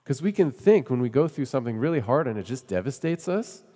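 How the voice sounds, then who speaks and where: A man's voice: mid-range voice, sing-song, fast, mellow, long reverb tail. A man preaching a sermon in a conversational way, often asking his listeners questions. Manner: conversational, asks the congregation questions. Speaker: pastor.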